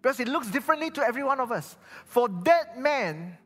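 Malaysian pastor preaching in a reverberant hall. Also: male voice, very high-pitched, fairly quick, hardly any pauses. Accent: Malaysian English. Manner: animated storytelling, acting out quoted voices. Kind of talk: sermon. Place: church hall. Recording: reverberant hall with faint music behind.

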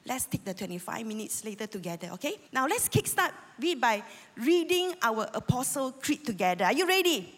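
A woman in her fifties with a Malaysian English accent delivers a sermon, earnest and openly emotional. She rallies her congregation, her voice pitched a touch high. The church hall gives her words a long, lingering reverb. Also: big pitch swings, moderate pace, a bit bright. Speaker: lay preacher. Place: church sanctuary.

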